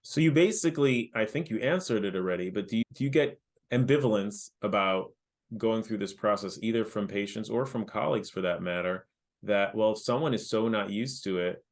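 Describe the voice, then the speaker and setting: Low-voiced host asking rambling questions. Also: male voice. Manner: rambling, searching questions with restarts. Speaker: podcast host. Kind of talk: podcast interview.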